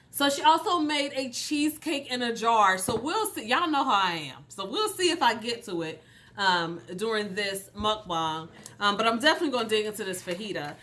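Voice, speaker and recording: A woman with a bright, clear voice chats casually to her viewers in a mukbang vlog. She talks while she eats, speaks straight to her audience and keeps it loose and friendly. Her pitch sits in an ordinary middle range. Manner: chatty, talks while eating, addresses viewers directly. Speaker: mental health coach and channel host.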